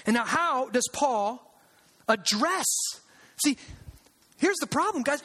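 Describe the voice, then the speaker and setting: A pastor preaches a sermon in a very high male voice with lively intonation, a fairly bright tone, a slightly slow pace and frequent pauses. He is conversational and emphatic, using sarcasm and repeating lines for weight. The recording carries a long hall reverb.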